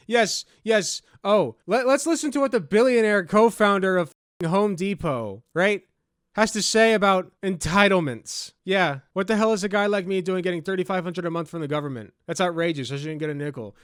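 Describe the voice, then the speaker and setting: A man's voice: high voice, expressive, moderate pace, clear, resonant tone, no room sound, studio quality. A man giving sarcastic, profane reaction commentary as a political commentator.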